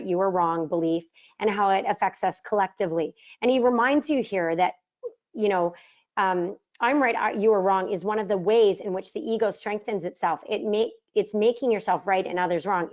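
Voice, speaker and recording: A middle-aged woman with a mid-range, darkish voice, recorded lo-fi, leads a book study course as a mindset trainer. Her teaching talk is casual, posing rhetorical questions to her audience and acting out quoted arguments.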